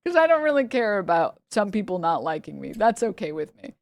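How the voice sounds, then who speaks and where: A woman's voice: medium pitch, very animated, fairly quick, no room sound. A young woman streamer in casual commentary, rambling and sarcastic, often laughing and putting on mocking voices.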